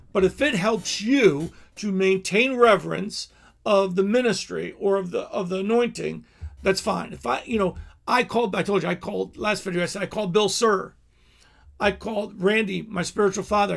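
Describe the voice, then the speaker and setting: A man's voice: high-pitched, vocal fry, fairly bright tone. A middle-aged male pastor giving a candid teaching talk, telling personal stories with frequent asides and restarts.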